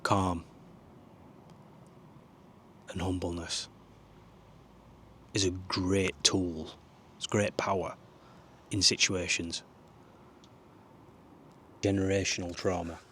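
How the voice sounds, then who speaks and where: A man's voice: low voice, flat delivery, slow pace, long pauses, fairly bright tone, a little hiss or hum. A man giving rambling, earnest life advice to camera from a small camper van. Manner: rambling, earnest, swears now and then. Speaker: vlogger. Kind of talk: casual advice talk to camera.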